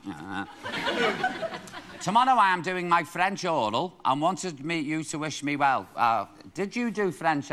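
Cheeky male chat show host, lively pitch. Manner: quick-witted, cheeky asides. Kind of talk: camp comic chat, reading viewers' letters. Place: TV studio with live audience. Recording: TV broadcast with loud audience and noise.

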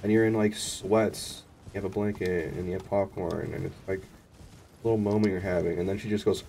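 A man streaming a video game, commenting in an excitable, profane way to himself and his chat. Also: sits low, normal speed, gravelly, noisy background.

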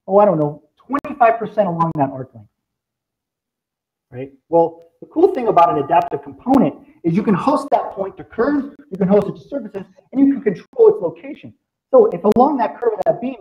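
A man giving an excitable live software demo to a class, full of exclamations and sound effects. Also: high voice. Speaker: presenter. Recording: dull lo-fi presentation recording.

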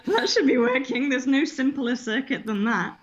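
A woman's voice: sits high, expressive, moderate pace, heavy background noise. Giggly woman on dull video-call audio. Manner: giggly, playful, hands-on demonstrating. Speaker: guest maker. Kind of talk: casual video chat.

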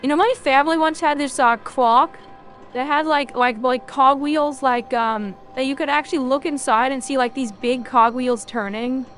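A woman's voice: high voice, steady tone, normal speed, fairly bright tone. A woman streamer chatting casually and rambling jokingly to viewers while she plays a game. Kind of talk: casual gameplay chat.

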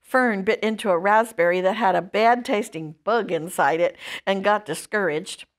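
A woman storyteller reading a children's book aloud in an expressive, lively way. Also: mid-range voice, normal speed.

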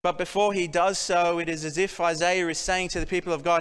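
A man's voice: high-pitched, level tone, brisk, few pauses, a bit bright, clear, resonant tone. A man preaching a sermon from Australia, earnest and fond of rhetorical questions. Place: church hall. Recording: church hall with long reverb.

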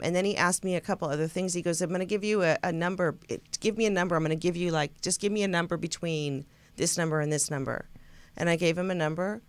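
A woman's voice: fairly low pitch, dry recording. A woman co-hosting a talk show, telling a rambling story in a casual chat with many restarts. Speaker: co-host.

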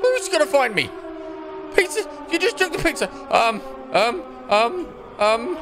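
Jumpy, high-voiced gaming host. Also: sing-song, measured pace, noisy background. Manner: jumpy, joking, laughing, self-narrating. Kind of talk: horror game let's play commentary.

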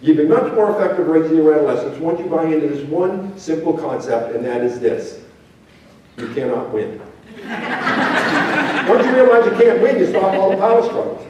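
An older man, a former teacher, giving a storytelling talk to parents, often dropping low and quiet to act out what people say. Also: animated, moderate pace, muffled recording, slight background noise. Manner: storytelling, acts out quotes, drops low and quiet for emphasis. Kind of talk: speech to an audience. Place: large hall with an audience. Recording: very echoey hall, voice from far off.

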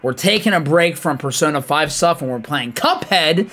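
A young man giving lively live commentary on his game, chatty and hyped, greeting viewers by name. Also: on the high side, moderate pace. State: out of breath. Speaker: streamer.

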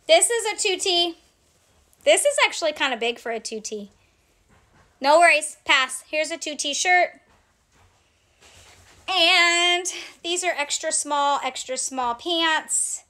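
Selling clothes on a casual live stream, this woman reads out each size and price in turn while chatting with viewers. Her voice is very high and bright, and she's in no hurry.

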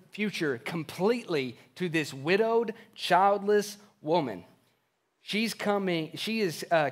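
Male pastor, slightly high voice, earnest sermon storyteller, modern plain retelling of scripture.

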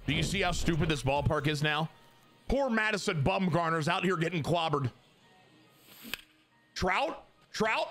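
A young man giving excitable live commentary on his own baseball video game, jumping from loud hype to muttered grumbles. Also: fairly high pitch, unhurried, pauses often, over music. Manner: excitable, swings from hyped shouting to muttered grumbling. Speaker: gaming YouTuber.

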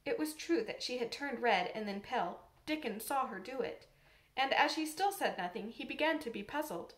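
A woman reads a classic storybook aloud, measured and expressive, her voice set a little high. A roomy echo lingers behind each phrase. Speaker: audiobook narrator. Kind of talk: storybook narration.

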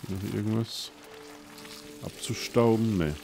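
A man from Germany casually commenting as he plays a video game, relaxed and musing to himself. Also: lowish voice, measured pace, gravelly, over music. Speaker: let's play streamer.

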